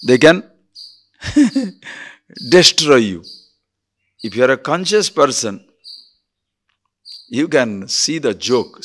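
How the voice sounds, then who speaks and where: Animated male spiritual teacher. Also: medium pitch. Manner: animated storytelling, acts out quarrels. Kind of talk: spiritual discourse.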